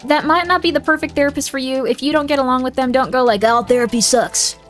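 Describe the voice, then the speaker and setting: A woman's voice: high-pitched, fast talker, fairly bright tone, faint music behind. A young woman streaming a game, giving viewers motherly advice in a put-on southern drawl and calling them honey. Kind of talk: casual livestream chat.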